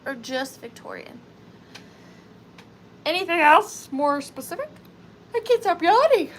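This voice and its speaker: A high-voiced woman with a Southern US accent runs a live vintage sale, chatting to buyers in a playful sing-song way. She talks at an easy, unhurried pace. Clear background noise runs under her voice. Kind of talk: live auction stream chat.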